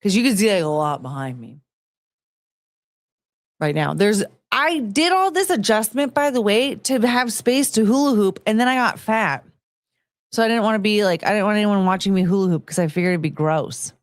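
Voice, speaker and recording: A woman's voice: medium pitch, animated, normal speed, no echo, clean studio sound. A woman live streamer chatting casually and rambling, often poking fun at herself and greeting her chat. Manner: rambling, self-mocking, greets chat in a sing-song lift.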